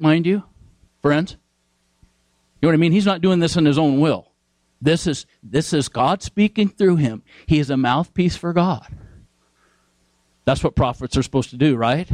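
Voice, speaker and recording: A man's voice: a little high, a little mellow, dry recording, poor audio. A man preaching a sermon, emphatic, repeating key phrases and asking his listeners questions.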